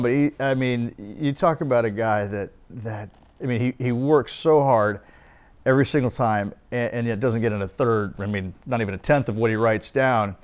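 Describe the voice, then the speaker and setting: A man telling casual, rambling golf anecdotes with many fillers and laughs. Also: medium pitch. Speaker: golfer and guest. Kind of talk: casual storytelling chat.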